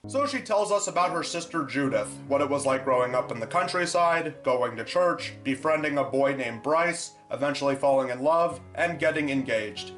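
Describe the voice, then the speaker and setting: A man narrating a comedic film review in a sarcastic, deadpan way. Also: a little high, moderate pace, few pauses. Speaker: movie reviewer. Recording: echoey room with faint music.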